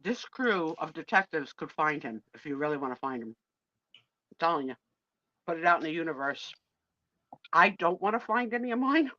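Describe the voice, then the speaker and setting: A woman's voice: deep voice, normal speed, pauses often. A middle-aged woman co-hosting a live stream, telling a dating story in casual chat and acting out the voices of people in it. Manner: animated, acts out voices in her stories. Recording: dull lo-fi stream audio.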